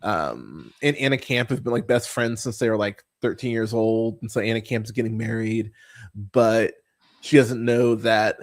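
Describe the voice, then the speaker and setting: A man hosting a casual movie podcast, rambling and swearing freely, full of fillers and restarts, and turning animated when he mocks what he saw. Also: fairly low pitch, moderate pace. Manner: animated when mocking characters. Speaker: podcast host. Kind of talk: casual movie review chat.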